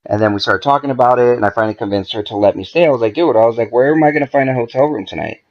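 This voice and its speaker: A man's voice: mid-range voice, very fast, muffled recording. A man, a podcast guest, telling a story in a casual, profane way and acting out the dialogue as he goes. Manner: profane, animated, acts out quoted dialogue.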